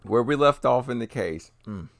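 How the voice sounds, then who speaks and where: A man's voice: medium pitch, animated, moderate pace, gravelly, fairly bright tone, no room sound, clean studio sound. A man co-hosting a casual podcast, laid-back and swearing casually, often trailing off and restarting. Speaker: podcast co-host.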